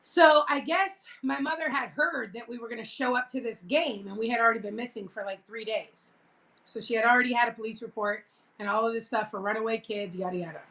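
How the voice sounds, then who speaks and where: Bright high-voiced woman telling a story. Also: a little fast. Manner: laughing, animated retelling with quoted voices. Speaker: vlogger. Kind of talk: casual storytelling.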